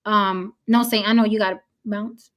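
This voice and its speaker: A woman hosting a casual panel discussion, talking in an animated, emphatic way and acting out voices she quotes. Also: mid-range voice, normal speed. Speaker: panel host.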